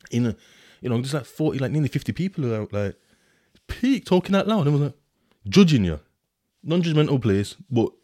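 A man's voice: warm tone, dry recording, studio quality. A man, talking through his prison experiences in a rambling, casual monologue full of slang and fillers, now and then reading from a report. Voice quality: deep voice. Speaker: podcast host telling his prison experiences.

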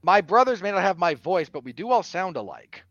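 A fairly high-voiced man whose pitch swings a lot as he argues, bluntly tearing into a film in casual podcast talk. His audio is dry and dull, with a lo-fi, muffled top end. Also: brisk, no room sound. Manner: animated, bluntly critical, argumentative. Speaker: podcast co-host film reviewer. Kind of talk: casual film review chat.

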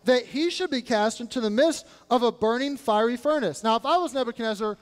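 A man with a strikingly high voice preaches a sermon, slipping into casual modern speech to dramatize the scripture. His voice rings out with a long reverb, as if captured in a large church sanctuary. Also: brisk, clean tone. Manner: animated preaching, acting out biblical characters in casual modern speech. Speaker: pastor.

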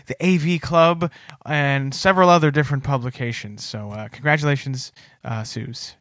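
A man's voice: mid-range voice, normal speed, a bit bright, dry recording, studio quality. A man co-hosting a comedy podcast, playful and chatty, fond of silly character bits. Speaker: podcast co-host. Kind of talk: casual comedy podcast chat.

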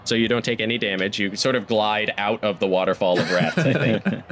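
A man's voice: lowish voice, a little fast, a bit bright, soft background music. A man running a tabletop game as game master, narrating with fillers and frequent laughter.

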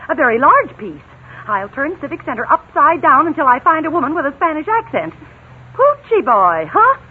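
A huffy, flustered housewife. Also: female voice, high voice, sing-song, normal speed. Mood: flustered, indignant. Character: flustered, indignant middle-aged housewife. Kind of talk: 1940s radio comedy acting. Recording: tinny, hissy 1940s radio transcription.

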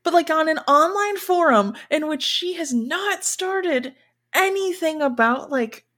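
A woman's voice: high voice, expressive, measured pace, fairly bright tone. A woman in casual chat about a show, agreeing often and trailing off mid-thought.

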